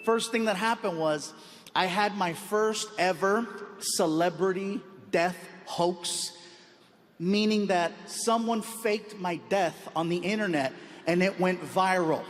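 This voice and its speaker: Male stand-up, chatty storyteller, high voice, big reverberant hall. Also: slow. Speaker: stand-up comedian. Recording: live in a big hall with audience noise.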